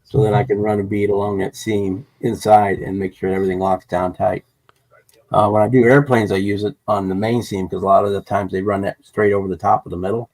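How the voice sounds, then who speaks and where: A man's voice: fairly low pitch, flat delivery, fairly quick, a little mellow, no echo, poor audio. A man explaining his scale model gluing technique step by step in a casual way.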